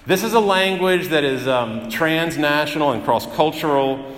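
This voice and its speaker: A man's voice: fairly high pitch, moderate pace, a bit bright. Preaching man in an echoey hall. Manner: earnest, emphatic, repeats phrases and restarts. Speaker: pastor. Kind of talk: sermon. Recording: echoey hall with long reverb.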